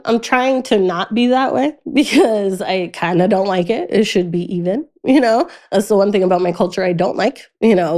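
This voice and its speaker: Young woman guest just chatting about growing up, lively quoting voices, laughs a lot. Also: on the low side. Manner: chatty, animated when quoting others, laughs often. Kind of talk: casual storytelling interview.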